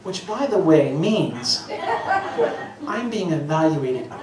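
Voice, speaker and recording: A man's voice: a little high, animated, takes it slowly, a little hiss or hum. A middle-aged man doing a stand-up routine on stage, telling self-mocking stories and swearing freely. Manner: profane, self-mocking storytelling. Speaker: stand-up comedian. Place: stage before a live audience. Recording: echoey venue, voice heard from a distance, loud ambience.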